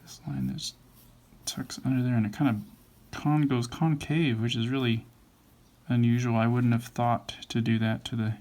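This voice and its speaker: Sketching and correcting as he works, a man teaching drawing thinks aloud in a mumble. His mid-range voice is level and a little mellow, moving at a normal speed, with faint background noise in the clip.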